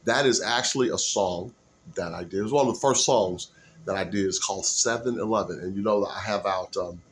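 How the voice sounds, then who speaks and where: A man's voice: low voice, fairly quick, slight background noise. A man talking casually to his camera in a loose, rambling way while he practices comedy voices. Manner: rambling, loose, lively delivery. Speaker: aspiring comedian and musician. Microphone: camera mic.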